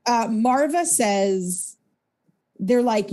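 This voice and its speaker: A woman's voice: a little high, expressive, a little slow, warm tone. A young woman co-hosting a podcast, chatting casually, laughing often and acting out quotes. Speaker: podcast co-host. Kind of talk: casual chat.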